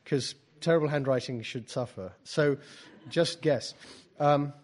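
Halting man leading a poetry workshop. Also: medium pitch. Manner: halting, restarts and repeats words, dry wry asides. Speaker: poetry teacher. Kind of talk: workshop talk mixed with reading aloud from his own book.

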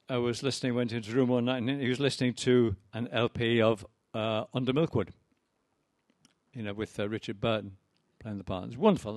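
A man's voice: medium pitch, darkish tone, no echo, studio quality. A poet giving a reading of his poems with anecdotes, chatty and wry, full of ums and uhs.

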